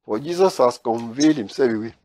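Guy preaching thru a bible passage, normal pitch, dry close sound, gets loud acting out the characters. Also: brisk, no echo. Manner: animated, acts out quoted voices with rising loudness. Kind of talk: Bible teaching.

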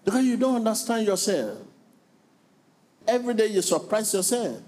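A middle-aged male pastor preaching a sermon in a slow, deliberate way, repeating phrases rhythmically and calling on the congregation to respond. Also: high voice, very animated, a little mellow.

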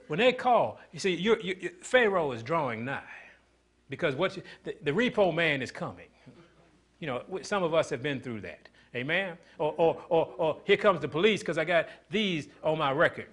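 High-voiced preacher swinging loud and soft. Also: male voice, animated, normal speed, husky. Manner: dramatic swings from loud to hushed; calls out to the congregation with questions. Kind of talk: sermon.

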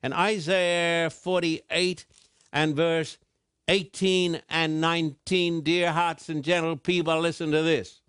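A man preaching a broadcast sermon, stressing words slowly and emphatically. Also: a little high, little pitch movement, fairly bright tone, clean tone, no echo, clean studio sound.

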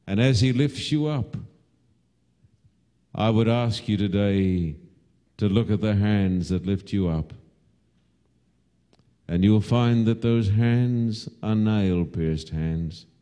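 Slow and dramatic, a male preacher whose voice sits on the low side narrates a story in his sermon. He shouts out loudly when voicing the calls.

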